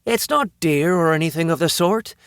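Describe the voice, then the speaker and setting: A man's voice: a little high, expressive, moderate pace, fairly bright tone, clear, resonant tone, no echo, pitched above the performer's own voice. A man voicing a playful, fierce Irish vampire woman in an audiobook, with a wry, teasing manner. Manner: wry, flirtatious banter.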